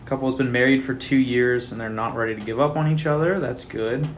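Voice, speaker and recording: Young male podcast co-host, mid-pitched voice, loose filler-heavy chat, home kitchen recording with steady background noise. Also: fast talker. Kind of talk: casual chat.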